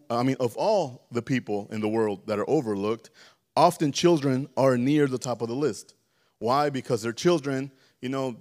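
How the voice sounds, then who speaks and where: A man's voice: medium pitch, a little mellow. A man preaching a casual sermon in a church, often stammering, repeating words and checking in with the congregation. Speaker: preacher teaching a church service. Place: church sanctuary.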